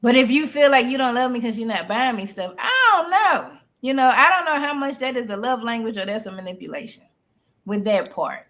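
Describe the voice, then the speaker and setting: A woman in casual podcast chat, talking in an animated, folksy way with frequent restarts. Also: on the high side, a little fast. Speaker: podcast co-host.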